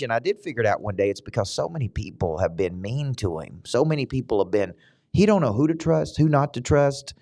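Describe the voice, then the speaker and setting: On his motivational podcast, a middle-aged Southern US business coach drives his points home by repeating them, his pitch abruptly shooting upward. He sounds very animated and warm, moving at a fairly quick clip.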